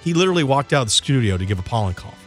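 A man's voice: medium pitch, very animated, rapid-fire, soft background music. A man hosting a radio show, playfully egging his guests on in casual studio banter. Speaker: radio host.

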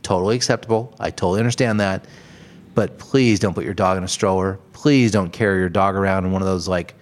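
A man's voice: deep voice, steady tone, fast talker. A man hosting a solo podcast, ranting bluntly about everyday annoyances, swearing freely and laughing at his own jokes. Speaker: podcast host.

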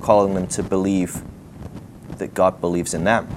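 Low-voiced man preaching conversationally. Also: a little hiss or hum. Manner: conversational, animated, thinking aloud with fillers and quick laughs. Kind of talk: sermon teaching.

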